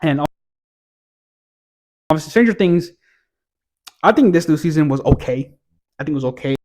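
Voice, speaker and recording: Male TV reviewer, casual exasperated rant, frequent swearing, slightly raised pitch. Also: expressive, moderate pace, darkish tone. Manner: profane, exasperated, rambling with restarts.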